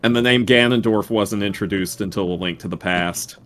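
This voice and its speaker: A man's voice: fairly low pitch, brisk, a bit bright. A man hosting a live game stream, chatting casually, laughing often and sharing franchise trivia. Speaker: streamer host.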